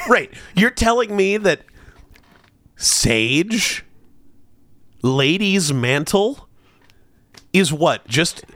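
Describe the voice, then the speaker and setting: A man co-hosting a comedy podcast, reading a sponsor spot with playful mock-earnest delivery and drawn-out words. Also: high-pitched, animated, fairly bright tone, dry recording. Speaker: podcast co-host.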